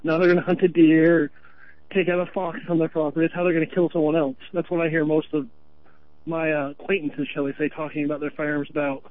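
Radio caller, high-voiced Vermont man, earnest and rambling, thin phone-line sound. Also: little pitch movement, fast talker. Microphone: telephone.

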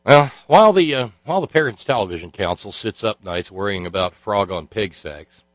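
A man with a fairly low voice delivers biting, sarcastic commentary as a talk show host. He rambles and stumbles through filler sounds, and his voice sits dry and close to the mic. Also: lively intonation, fairly quick, no echo, low-quality recording. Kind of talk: sardonic political commentary.

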